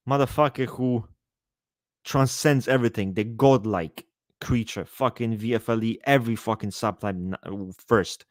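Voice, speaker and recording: A man chatting casually on a live stream, answering his chat in a profane, rambling, animated way. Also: mid-range voice, normal speed, no echo, clean studio sound.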